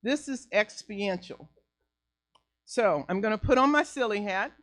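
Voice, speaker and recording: A middle-aged woman minister giving a playful sermon, slow and deliberate, laughing easily as she leads the group. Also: mid-range voice, lively intonation, a bit bright, no room sound. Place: church sanctuary. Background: faint piano.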